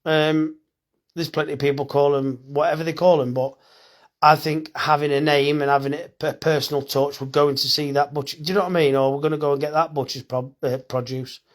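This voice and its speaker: Chatting casually on a phone live stream, this middle-aged farmer and butcher is blunt, reads out comments and swears now and then. His pitch is medium.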